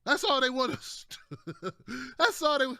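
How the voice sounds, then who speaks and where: A man's voice: extremely high pitch, big pitch swings, unhurried, pushed and bright, no echo, clean studio sound. A man hosting casual political commentary, loose and conversational, often tacking on "man" and jokey asides. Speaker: political commentator, show host.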